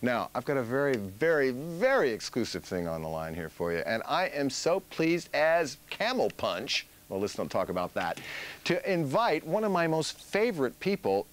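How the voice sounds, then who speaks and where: A man's voice: medium pitch, sing-song, moderate pace. A man hosting a comic chat show, teasing and rambling playfully with his guest. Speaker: show host.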